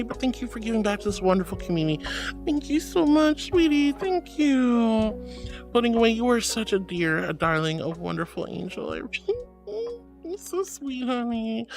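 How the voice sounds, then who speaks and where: A streamer chatting casually and reading out viewer messages, calling everyone sweetie and honey. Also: creaky. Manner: animated, jumps between high squeals and low mutters.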